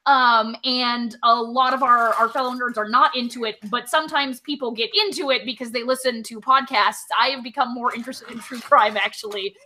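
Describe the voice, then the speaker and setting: A woman's voice: fairly high pitch, fairly even intonation, a little fast, few pauses, bright, forceful tone, slight background noise. A woman co-hosting a comedy podcast, rambling casually, swearing freely and laughing between thoughts. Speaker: podcast co-host.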